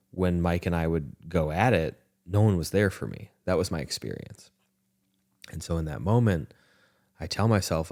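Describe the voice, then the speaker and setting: Male podcast host with a very deep voice, earnest and reflective storyteller, often restarts his sentences. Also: a little mellow. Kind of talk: candid conversation.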